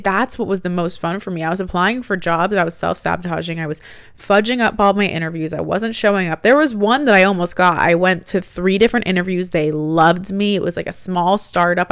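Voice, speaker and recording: A woman in her late twenties telling a personal story in a chatty, animated way, with a lot of "like" and acted-out quotes. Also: mid-range voice, vocal fry, clean tone, no room sound, clean studio sound. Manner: chatty, animated, heavy use of "like". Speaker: podcast host.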